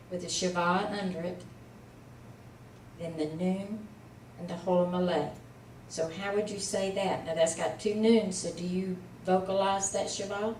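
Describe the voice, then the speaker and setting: A woman leads a casual one-on-one reading lesson as tutor, patiently sounding out each letter and syllable slowly. Her voice sits a little low. She is recorded from across an echoey room, with a faint hiss underneath. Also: darkish tone, recorded from a distance.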